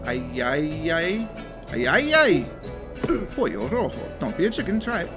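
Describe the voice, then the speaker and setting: Chatty village townsfolk gossip in high, bouncy voices, as a man reads their game dialogue aloud. The delivery is playful and makes no effort to stay consistent from one character to the next. Game music runs clearly in the background. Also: very animated, slow pace.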